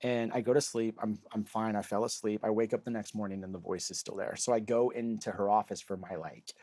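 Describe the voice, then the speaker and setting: A man's voice: on the low side, fairly even intonation, a little fast, warm tone, no echo. Rambling storytelling man, dry mic. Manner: rambling, heavy use of "like", acts out quoted voices. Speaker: comedian guest. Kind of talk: casual storytelling.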